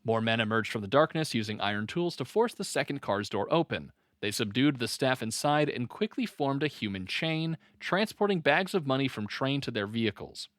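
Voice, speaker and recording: In clean studio sound with no echo, a man with an expressive, fairly bright mid-range voice co-hosts a true-crime podcast. He reads the story notes quickly and keeps stopping to joke and laugh, mixing casual comedy chat with reading the case.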